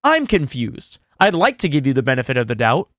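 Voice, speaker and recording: A man's voice: lively intonation, fairly quick, fairly bright tone, no echo, clean studio sound. A man giving sarcastic, indignant commentary over a video clip. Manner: indignant, sarcastic, swings into high exaggerated voices. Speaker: commentary YouTuber. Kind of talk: reaction commentary.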